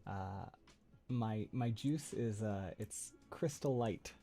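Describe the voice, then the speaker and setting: Low-ish and dark-toned, a man's voice moves slowly over faint background music. He's casually chatting on his livestream as a streamer, close to the microphone, rambling, laughing a lot, and filling his speech with fillers and restarts.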